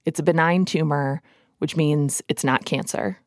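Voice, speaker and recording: A woman's voice: sits low, steady tone, measured pace, no echo, studio quality. A woman with a Minnesota accent, hosting a podcast and narrating a scripted story in a wry, playful way. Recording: music bed under the voice.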